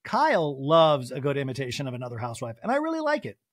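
Animated, gossipy male podcast host. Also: medium pitch, rapid-fire, no echo, studio quality. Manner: animated, gossipy, does impressions. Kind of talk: casual reality-TV recap.

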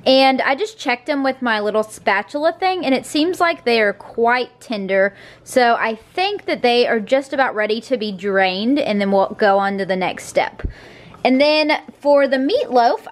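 Young woman, casual lifestyle vlogger, bright chatty delivery, slightly high voice. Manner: chatty, talks baby-talk to her dogs. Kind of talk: casual vlog narration.

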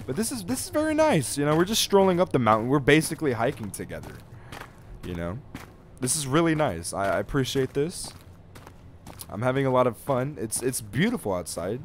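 A man's voice: medium pitch, very animated, brisk, slight background noise. A young man chatting and joking through a horror game for his viewers, swearing now and then. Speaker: gaming youtuber. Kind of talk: let's play commentary.

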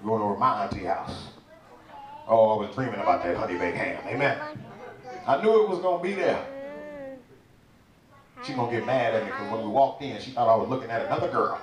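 A man doing stand-up comedy, his voice swinging widely in pitch as he tells a playful story. He is miked from some distance in a roomy space, and a crowd laughs loudly around him. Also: big pitch swings, brisk, pauses often. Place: church event stage before a live audience.

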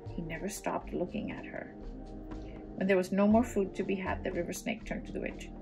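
A woman reading a children's storybook aloud, pausing for gentle asides to young listeners. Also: mid-range voice, fairly even intonation, vocal fry, over music. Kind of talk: children's read-aloud narration.

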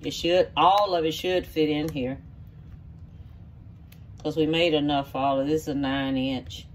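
This middle-aged rural woman's casual kitchen demonstration is folksy and homey, taking viewers through the recipe one step at a time. She speaks in a low voice with fairly even intonation at a measured pace; the mic is distant and there's slight background noise.

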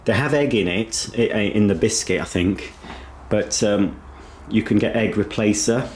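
A man's voice: on the low side, measured pace, slight background noise. A man giving a casual, rambling video tour of a house, chatting while he eats. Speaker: vlogger. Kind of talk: casual home tour vlog. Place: inside a house.

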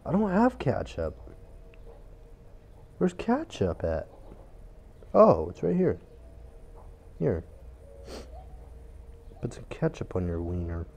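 A young man with a low, dark voice, talking slowly through a cooking game. He grumbles, swears freely and gets frantic when orders pile up. It sounds like casual commentary recorded on a phone at home. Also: a little hiss or hum. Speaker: gaming YouTuber.

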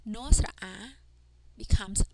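A woman teaching a language lesson, carefully sounding out letters and words one at a time. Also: medium pitch. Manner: careful, deliberate pronunciation of drilled sounds. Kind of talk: slow instructional language lesson. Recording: noticeable background noise.

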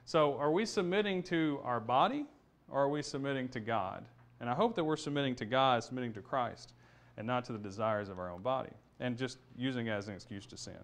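A man's voice: mid-range voice, brisk. Man teaching a Bible lesson. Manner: explanatory, thinking aloud with restarts and fillers.

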